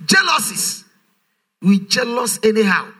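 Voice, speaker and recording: A man's voice: high-pitched, big pitch swings, measured pace, bright, forceful tone, husky. A man preaching a sermon, emphatic and full of rhetorical questions, his voice rising in a sing-song way. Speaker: pastor.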